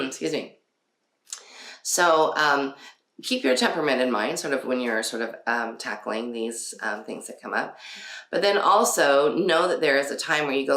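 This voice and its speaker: A woman's voice: extremely low pitch, unhurried, a bit bright. A woman hosting a casual parenting talk, chatty, with frequent laughs and many fillers. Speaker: podcast host. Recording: roomy echo.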